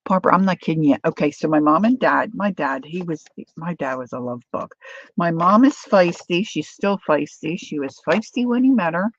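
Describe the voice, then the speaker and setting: A middle-aged woman with a gravelly voice, telling a family story in a chatty, animated way while she crafts. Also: on the low side, fairly quick, dull audio. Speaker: craft vlogger.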